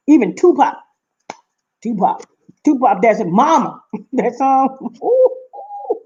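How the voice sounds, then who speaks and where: A woman's voice: fairly high pitch, normal speed, pauses often, husky, dull audio. Emphatic middle-aged woman from Seattle. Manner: emphatic, animated, repeats herself. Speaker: vlogger. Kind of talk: casual storytelling to camera.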